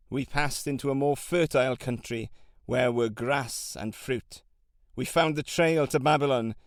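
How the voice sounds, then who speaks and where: A man reading an audiobook, voicing a determined middle-aged camel trader who was once a slave, in a measured, solemn way with old-fashioned phrasing. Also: medium pitch, no room sound, studio quality, close to an everyday voice.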